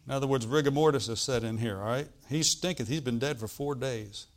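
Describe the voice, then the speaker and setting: A man preaching a sermon, reading scripture aloud and explaining it, swinging from loud bursts to quiet asides. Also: medium pitch, brisk, few pauses. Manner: animated preaching, bursts loud on quoted lines then drops quiet; reads old-style scripture, asides with "all right?".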